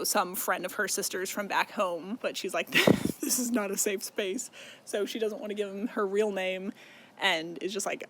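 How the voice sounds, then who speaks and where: A man's voice: high-pitched, fairly bright tone, a little hiss or hum. Rambling young man recapping a book. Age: young adult. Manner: rambling, filler-heavy, swears, laughs often.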